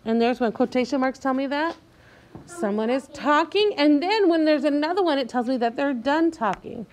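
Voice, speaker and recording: A woman teacher leading a reading lesson for young children, talking slowly and clearly and drawing out each word patiently. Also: high voice, animated.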